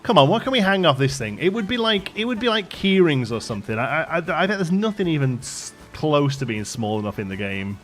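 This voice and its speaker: An English man with a light Liverpool tinge in his accent, hosting a live stream in casual, digressive chat and laughing often. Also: medium pitch. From England. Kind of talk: casual chat while building in a game. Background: faint background music.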